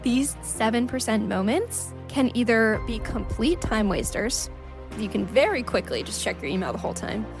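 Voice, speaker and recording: A young woman hosting her own podcast in casual chat, playful, with sing-song rises and quick asides. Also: a little high, lively intonation, music in the background. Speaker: podcast host.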